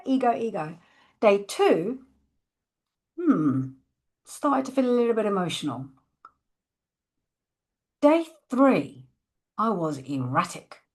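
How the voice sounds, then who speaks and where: A woman's voice: mid-range voice, big pitch swings, takes it slowly, long pauses. A woman, a coach candidly telling her personal story and acting out her past thoughts.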